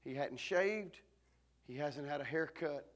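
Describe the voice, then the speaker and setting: A male pastor, preaching a sermon as a dramatic story that swings between shouting and hushed tones. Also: on the high side, measured pace.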